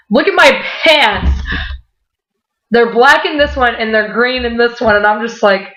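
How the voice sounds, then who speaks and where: A young woman telling a story in a casual vlog, excitable, often swearing and laughing, with lots of "like". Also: on the high side, unhurried, faint music behind. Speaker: vlogger. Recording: echoey room, dull lo-fi sound.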